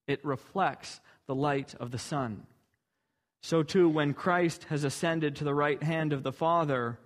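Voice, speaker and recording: A man preaching a sermon, earnest and emphatic, building to rhetorical questions. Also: a little high.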